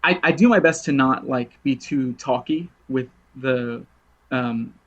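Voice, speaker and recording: A man's voice: medium pitch, unhurried, dull audio. A man chatting casually as a podcast guest, telling rambling stories, laughing often and acting out what people said. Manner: rambling storyteller, laughs often, lively retold quotes. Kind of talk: casual chat.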